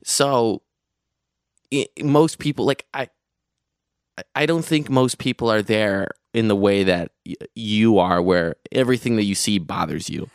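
Rambling low-voiced man, smooth and dry. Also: unhurried, no room sound. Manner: rambling, many restarts and fillers, enthusiastic. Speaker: podcast co-host recounting a festival trip. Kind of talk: casual chat.

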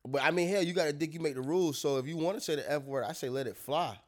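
A man gives his opinions bluntly in a relaxed conversation and swears freely. His voice sits somewhat high for a man. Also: quick pace. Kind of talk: casual chat.

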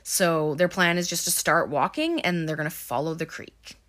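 A woman's voice: low-pitched, moderate pace, fairly bright tone. A woman giving a casual, chatty movie recap, full of ums and likes.

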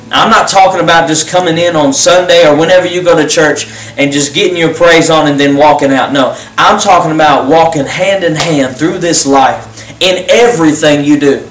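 A man who pastors and hosts the program, giving a fervent, repetitive closing altar call and leading a prayer. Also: on the high side. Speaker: pastor and host. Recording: roomy sound, distant mic.

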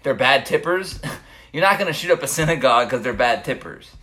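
A laid-back man co-hosting a podcast, chatting casually and swearing freely. He laughs easily, and his voice sits at an ordinary middle pitch for a man. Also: expressive, brisk, bright, forceful tone. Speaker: podcast co-host. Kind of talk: casual chat.

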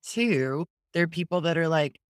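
A podcast host speaking earnestly and thoughtfully in a conversational interview, often speeding up and slowing down. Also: medium pitch, expressive, clear, resonant tone, no echo, clean studio sound.

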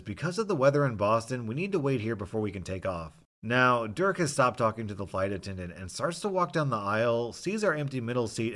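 A man narrates a forum story in a wry, storytelling way. His voice sits at an ordinary pitch for a man but moves a lot, rising and falling through the telling. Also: a bit bright. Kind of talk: reading a forum story aloud.

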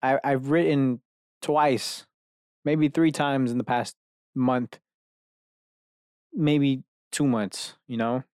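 A man's voice: medium pitch, fairly even intonation, takes it slowly, pauses often, darkish tone, clean tone, no echo, studio quality. A man hosting a podcast alone in his bedroom, rambling from one idea to the next with lots of profanity and self-mocking asides. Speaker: podcast host. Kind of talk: rambling solo rant.

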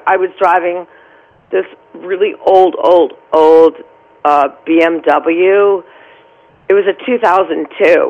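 A gravelly-voiced woman telling a vivid story. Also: low voice, dull audio. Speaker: actress guest. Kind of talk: storytelling interview answer.

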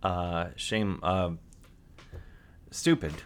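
A man telling an absurd made-up life story in a rambling, halting, deadpan way with lots of fillers. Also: low-pitched, a little hiss or hum. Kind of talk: improvised comedic storytelling.

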